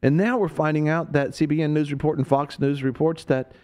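A man's voice: fairly high pitch, steady tone, brisk, a little mellow, clear, resonant tone. A man hosting a Christian talk radio show, speaking in a preacherly way that rises to emphatic peaks.

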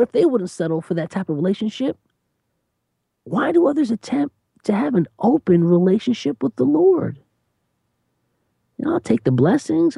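Animated, gravelly-voiced preacher. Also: medium pitch, no echo, clean studio sound. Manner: lively, emphatic, repeats "you know what I'm saying"; laughs between points, slows down to stress phrases.

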